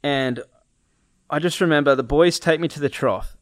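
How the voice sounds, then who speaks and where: A man's voice: fairly high pitch, normal speed, no room sound, clean studio sound. A young man casually telling a story, acting out his friends' lines and laughing often.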